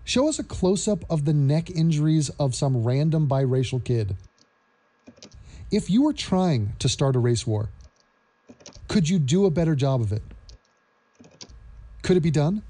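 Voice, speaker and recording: A man's voice: medium pitch, dark tone. A man hosting an opinion commentary vlog, talking in a sarcastic, mocking way.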